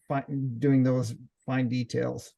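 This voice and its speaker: A man on a podcast panel, explaining things in casual chat with a halting delivery. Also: medium pitch, level tone, creaky, warm tone.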